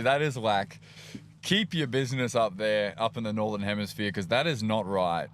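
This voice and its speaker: Australian man hosting, lowish playful voice. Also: moderate pace, slight background noise. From Queensland, Australia. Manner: jokey, playful, teasing banter. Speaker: livestream co-host. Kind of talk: casual live event commentary.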